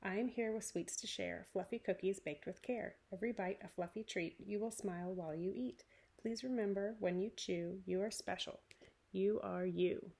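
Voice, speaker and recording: A woman's voice: mid-range voice, moderate pace, gravelly, a little mellow, slightly rough. A woman voicing a big, hairy, earnest male bear who delivers cookies in a storybook read-aloud, singing and speaking his lines. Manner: sung and spoken storybook voice, earnest.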